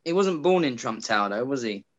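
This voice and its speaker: A man's voice: medium pitch, lively intonation, brisk, dull audio. A man playing in a casual quiz and throwing out cheeky joke answers. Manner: jokey, cheeky guesser. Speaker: quiz contestant. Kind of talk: casual podcast quiz banter.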